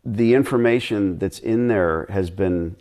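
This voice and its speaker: A man's voice: on the low side, measured pace, a little mellow. A middle-aged man chatting bluntly and ramblingly as a guest on a live stream Q&A.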